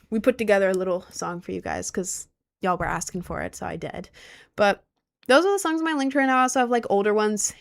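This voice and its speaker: A woman's voice: mid-range voice, vocal fry. A woman in her twenties chatting casually as a streamer, out of breath, giggly and rambling. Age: 20s. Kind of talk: casual chat.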